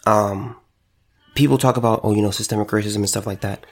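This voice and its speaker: A man's voice: on the low side, steady tone, a little fast. A man who runs a store, delivering an impassioned monologue to camera, emphatic and repeating phrases for stress. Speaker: store owner.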